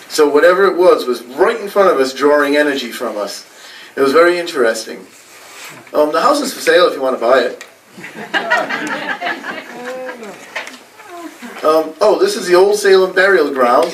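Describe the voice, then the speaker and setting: A man's voice: on the high side, fairly bright tone, slight background noise. A man with a New England accent giving a casual, rambling storytelling talk to a library audience, with many fillers. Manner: rambling, chatty, with frequent fillers and laughs. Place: library meeting room. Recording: voice a little far from the mic.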